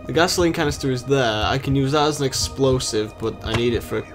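A young British man who hosts a gaming channel keeps up a rambling, sarcastic running chatter as he plays through a game. His voice is mid-range and quick, with faint music in the background.

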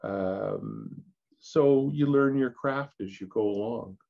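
An older actor telling candid stories as an interview guest, animated and laughing, with many restarts. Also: male voice, on the low side, slow pace, gravelly. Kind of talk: candid storytelling chat. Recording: dull lo-fi audio.

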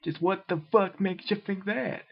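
A man's voice: high voice, fairly even intonation, moderate pace, pitched above the performer's own voice, heavily acted. A crude, irritable man grumbles and snaps in a raised voice, as a man reads him aloud. The sound is muffled and lo-fi. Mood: irritated. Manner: gruff, grumbling.

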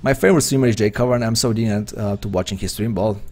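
A man's voice: lowish voice, fast, a little mellow, faint music behind. A man from Slovenia with a Slovenian accent, chatting hesitantly and rambling as he commentates his own poker stream. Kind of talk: live-stream commentary while playing.

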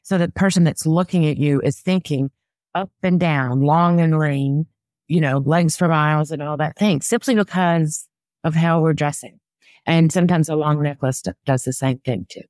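In a conversational interview, a woman who works as a personal stylist offers practical style advice, explaining things in a chatty way. Her voice is low, slightly mellow, and at normal speed, captured in clean studio sound with no room sound.

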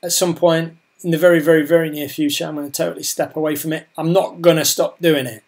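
A man's voice: on the high side, flat delivery, fast, darkish tone. A man talking casually about his online business plans, rambling and repeating himself as his voice starts to give out. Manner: rambling, chatty, repeats words and restarts. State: losing his voice. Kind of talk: casual talk to camera.

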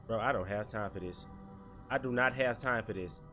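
Scared young man with a bright voice. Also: on the low side, moderate pace, faint music behind. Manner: jumpy, frightened, slangy, says bro and dude. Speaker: gaming YouTuber. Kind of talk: horror game commentary.

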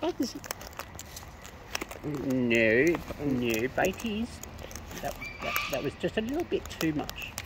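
A woman's voice: sits low, very animated, takes it slowly, long pauses. A woman outdoors feeding wild cockatoos, chatting to them in a playful, teasing baby-talk way. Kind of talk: casual chat to birds. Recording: noisy outdoor recording. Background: bird calls and outdoor ambience.

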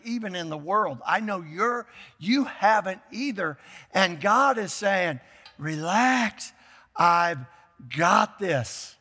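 An older man preaching a sermon as pastor, emphatic, repeating key phrases and breaking into shouts. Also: high voice, gravelly, in a large hall. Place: church sanctuary.

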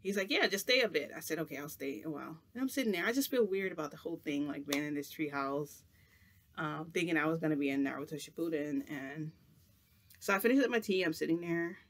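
A man's voice: fairly high pitch, fast talker. A man chatting to camera as a vlogger, telling a long rambling story full of "like" in a casual, chatty way.

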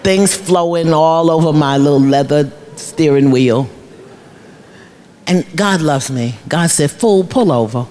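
A woman's voice: low voice, slow pace, warm tone, a little hiss or hum. A middle-aged woman, a life coach, giving a storytelling motivational speech in a preacherly way, repeating phrases for emphasis and laughing often. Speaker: keynote speaker, life coach. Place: large luncheon hall.

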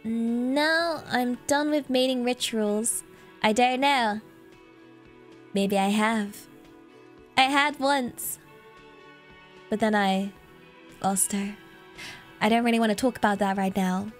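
A woman's voice: a little high, slow, pauses often, faint music behind. A woman streamer giving playful, rambling commentary while playing a game and reading its text aloud. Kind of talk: casual gameplay commentary.

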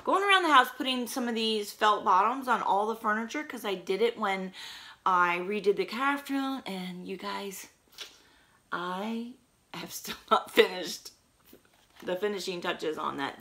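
Hoarse chatty woman vlogger. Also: medium pitch, animated, moderate pace, bright, forceful tone. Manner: chatty, rambling with fillers. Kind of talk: casual haul chat.

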